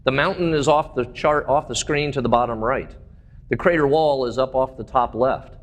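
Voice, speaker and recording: A man with a mid-range voice gives a public talk about slides. He tells stories enthusiastically and often pauses on uhs and ums. His sentences sometimes restart before he finishes them. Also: mid-range voice. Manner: enthusiastic storytelling with fillers. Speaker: presenter.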